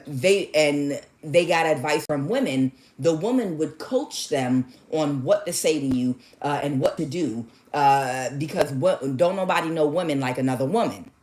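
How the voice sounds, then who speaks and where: A sassy woman with a lowish voice gives a casual tarot reading. She talks in an animated way, often laughs, and calls the listener child. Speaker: tarot reader.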